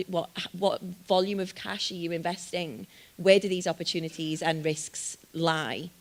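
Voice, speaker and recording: Upbeat Liverpool woman on a panel. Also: low voice. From England. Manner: upbeat, self-deprecating, repeats words as she thinks. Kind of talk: conference panel answer.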